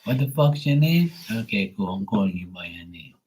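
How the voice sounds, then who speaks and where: A Bermudian man in his forties, who hosts a tarot reading livestream, speaks in a lowish, darkish voice with a sing-song lilt at a moderate pace. His casual, profane rant is full of jokes as he acts out both sides of phone calls.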